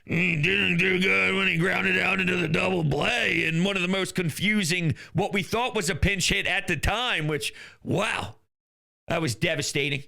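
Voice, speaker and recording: A man delivers a heated sports rant in a strikingly high voice with a hard, cutting edge. He scolds critics in a exasperated way. He lurches between shouting and muttering under his breath. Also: normal speed, creaky. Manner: ranting, exasperated, insults critics; swings between loud outbursts and muttering. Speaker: sports commentator.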